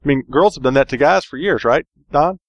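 Relaxed man, dry close sound. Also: a little high, a little fast, no room sound, lo-fi sound. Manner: relaxed, joking, rambling with fillers. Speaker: podcast co-host. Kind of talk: casual podcast chat.

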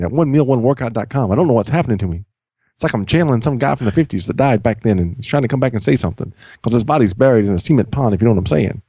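A man's voice: mid-range voice, animated, racing, mellow, no room sound, studio quality. A middle-aged man co-hosting a podcast, tossing in goofy, jokey asides. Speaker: podcast co-host. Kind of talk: casual chat.

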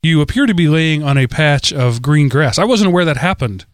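A man's voice: on the high side, animated, fairly quick, no room sound, studio quality. A man hosting a podcast in casual chat, teasing and wordy. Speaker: podcast host.

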